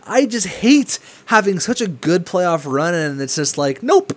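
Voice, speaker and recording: Young male gamer, slightly high voice, hyped and cursing at the screen, loose casual commentary. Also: a little slow. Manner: excitable, swings from hype to frustrated swearing. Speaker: gaming commentator.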